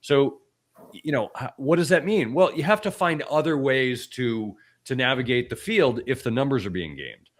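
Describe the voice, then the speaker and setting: A man hosting a podcast, hoarse from a cold, talking bluntly and with opinion, often restarting his sentences. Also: expressive, moderate pace. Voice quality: extra deep voice. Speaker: podcast host. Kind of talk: casual podcast commentary.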